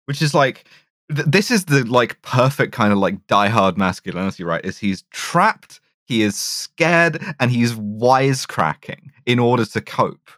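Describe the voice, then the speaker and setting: A man's voice: medium pitch, lively intonation, a little slow, fairly bright tone, dry recording. A man chats loosely about a film, walking through scenes and slipping into quoted lines. His voice sits mid-range and is recorded close and dry, with no room sound. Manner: chatty, recaps plot with acted-out quotes. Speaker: podcast co-host. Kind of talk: casual film discussion.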